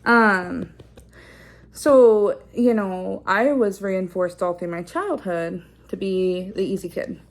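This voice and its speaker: A woman talking casually to the camera in a vlog, musing out loud with many fillers and restarts and explaining like a teacher. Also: medium pitch, slow pace. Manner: explains like a teacher, checking in with "okay?" and "right?". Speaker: parenting vlogger.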